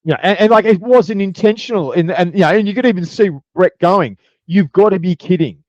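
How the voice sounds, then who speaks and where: A man's voice: sits high, fairly quick, no echo, lo-fi sound. A man co-hosting a podcast in casual chat, rambling with repeated words and acting out quotes. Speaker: podcast co-host.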